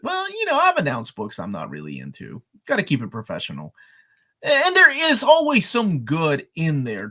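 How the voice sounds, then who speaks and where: Animated rambling man chatting. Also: medium pitch. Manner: rambling, self-correcting, swings loud and quiet. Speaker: co-host. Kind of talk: casual chat about comics.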